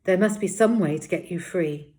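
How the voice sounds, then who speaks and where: A woman reading aloud, voicing a hot-tempered, stubborn young girl rabbit in a shrill, defiant voice. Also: normal speed, mellow, natural voice.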